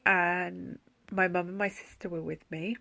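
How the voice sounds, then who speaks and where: Speaking a little slowly in a creaky voice on the low side, a woman vlogger keeps her intonation fairly even. Her reflections are tender and heartfelt, delivered softly and often in a whisper.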